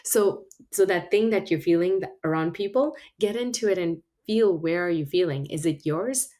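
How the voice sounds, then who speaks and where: Lower-pitched woman telling stories animatedly. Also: normal speed. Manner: animated storytelling with frequent laughs. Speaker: guest. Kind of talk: casual conversation.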